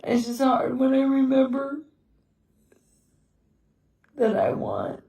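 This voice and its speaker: A middle-aged woman, a widow, talking slowly and haltingly about her grief in a quiet house at night, often breaking into tears. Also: sits high, huge pitch swings, gravelly, roomy sound, distant mic, low-quality recording. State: tearful. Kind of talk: personal confessional vlog.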